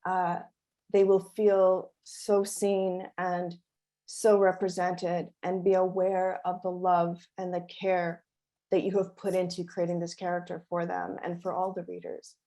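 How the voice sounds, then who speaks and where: Woman, panel moderator, author, expressive storyteller, heartfelt opening talk. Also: fairly low pitch, unhurried.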